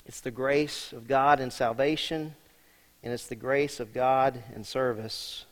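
A man preaching a sermon as senior pastor, emphatic and talking straight to the congregation, dropping from loud to hushed. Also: medium pitch, fairly even intonation, measured pace. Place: church sanctuary. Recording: long reverb of a large hall.

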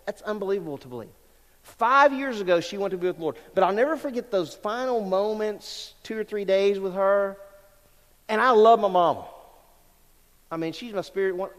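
In a large church sanctuary, a pastor with a high-pitched voice preaches a sermon, his words ringing through the big hall. He's conversational yet emphatic, putting questions to the congregation.

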